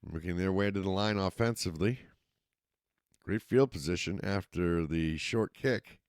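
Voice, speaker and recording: Male play-by-play announcer, Massachusetts accent, low voice, dry close mic. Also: normal speed, no echo. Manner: steady play-by-play, rising excitement on scoring plays. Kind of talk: youth football commentary.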